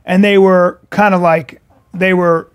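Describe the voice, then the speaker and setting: A man co-hosting a podcast, telling rambling, animated stories in casual chat and swearing a lot. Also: high-pitched, measured pace, smooth. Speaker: podcast co-host.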